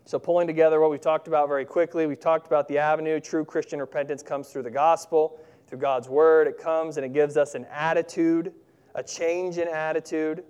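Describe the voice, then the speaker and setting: A man preaching a sermon, earnest and emphatic, slowing down to stress key words. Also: fairly high pitch, fairly even intonation, a little mellow, smooth.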